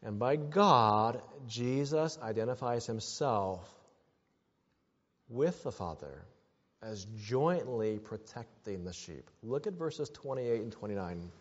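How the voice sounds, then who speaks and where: A man's voice: mid-range voice, lively intonation, slow pace. A man preaching a sermon as pastor, earnest and building to emphatic exhortations. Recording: dull sound with long hall reverb.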